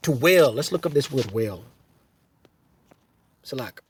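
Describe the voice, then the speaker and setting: This religious camp teacher's mid-range voice is animated yet unhurried, with long pauses and a little hiss or hum in the audio. He teaches scripture in an emphatic, repetitive sermon style, often asking "right?" between phrases.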